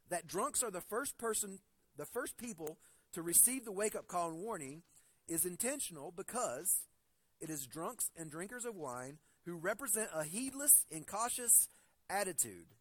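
A man's voice: high voice, a bit bright, dry recording. A man in his forties preaching a sermon, earnest and building to emphatic stresses, weaving personal stories into his point. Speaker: pastor.

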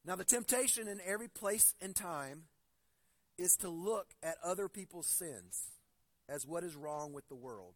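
A man's voice: sits high, lively intonation, normal speed, no echo. A man in his forties preaching a sermon, earnest and building to emphatic stresses, weaving personal stories into his point. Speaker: pastor.

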